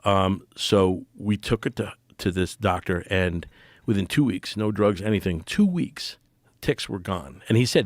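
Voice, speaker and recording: A middle-aged man talking as a podcast guest, earnest and halting, full of fillers and restarts. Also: sits low, dry recording. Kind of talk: casual podcast conversation.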